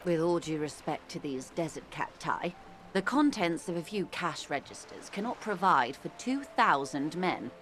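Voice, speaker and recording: An actress voicing a composed, calculating corporate woman negotiator in a video game, measured and persuasive. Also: sits low, lively intonation, a bit bright, faint music behind. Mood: calm, persuasive.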